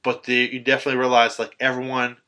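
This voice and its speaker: A man co-hosting a podcast, casually recapping a film in a profane, animated way and acting out quotes with sudden shouts. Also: medium pitch, fast. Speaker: podcast co-host.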